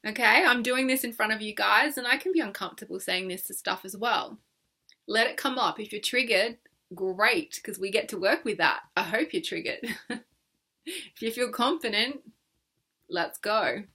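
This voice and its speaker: A woman's voice: medium pitch, normal speed, bright, forceful tone. A young woman leading a guided tapping session in a playful, coaxing way, laughing often and exaggerating her words. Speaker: EFT tapping coach.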